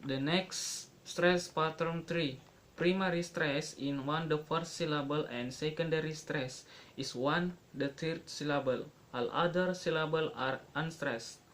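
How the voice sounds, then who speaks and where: A young man giving a classroom pronunciation lesson, halting and restarting, repeating each example word slowly. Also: fairly high pitch, a bit bright, slight background noise, poor audio. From Indonesia. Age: young adult. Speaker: student presenter.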